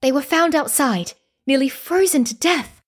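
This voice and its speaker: A woman's voice: sits high, normal speed, voice pushed up, close to an everyday voice. A woman voicing a stern but caring village matron who gives firm instructions. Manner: firm, commanding.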